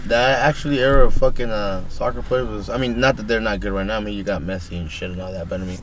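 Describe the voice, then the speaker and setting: A man's voice: fairly low pitch, a little hiss or hum. A man co-hosting a podcast, joking around and swearing in casual chat while sitting very close to the mic. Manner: joking, profane, quick to laugh. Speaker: podcast co-host. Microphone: very close to a podcast microphone.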